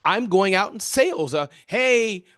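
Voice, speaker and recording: A high-pitched American man talks with lively, animated energy, answering interview questions like a seasoned keynote speaker. His voice sounds dry and close, with no room in it. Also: brisk, no room sound. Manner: energetic, animated, often addresses the interviewer by name.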